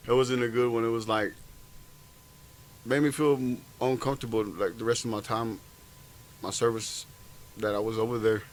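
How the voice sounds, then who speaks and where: A man's voice: mid-range voice, steady tone, normal speed, pauses often, low-quality recording. A man, an army veteran, telling stories in a profane, rambling, laughing way in casual chat.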